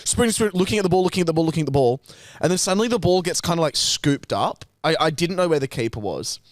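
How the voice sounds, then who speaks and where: A young man tells a story on a casual podcast, cursing freely and acting out other people's lines with lively energy. His voice sits a bit high for a man. The sound is close and dry, with no room to it. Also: fast talker, no echo. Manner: animated, sweary, acts out quotes. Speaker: podcast co-host.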